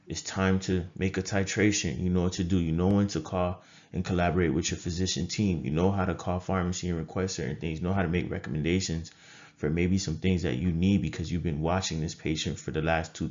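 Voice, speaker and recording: A man's voice: low-pitched, a little mellow, lo-fi sound. A man who is a nurse and trading coach gives a motivational talk to camera. He is emphatic and repeats phrases for effect.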